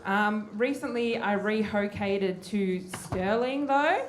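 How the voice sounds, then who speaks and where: A woman's voice: mid-range voice, takes it slowly. Young woman comic, brash and self-deprecating, echoey noisy room. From Western Australia. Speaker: stand-up comedian. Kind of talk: stand-up set. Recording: echoey club with background noise.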